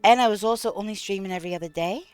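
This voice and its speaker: A woman's voice: medium pitch, racing, a little mellow, smooth. A woman streaming a video game live, chatting casually with viewers, thanking them and talking through her gameplay with frequent ums. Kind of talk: casual live-stream chat while playing.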